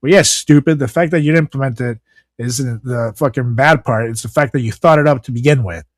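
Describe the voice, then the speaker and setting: A man co-hosting a casual podcast, reading news items aloud and breaking off into profane, sarcastic rants. His voice sits in an ordinary middle pitch. The sound is dry and close to the mic. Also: fairly quick, dry recording. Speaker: podcast co-host.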